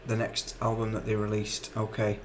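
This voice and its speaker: A man hosting a live stream in a casual, chatty way, reading viewer comments with relaxed fillers. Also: lowish voice, moderate pace, a little hiss or hum.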